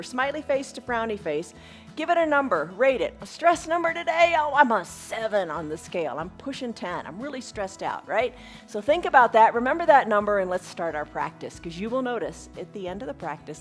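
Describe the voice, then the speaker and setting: A woman teaching a live online yoga class, encouraging and upbeat, with laughs between her cues. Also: a little high. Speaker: yoga instructor.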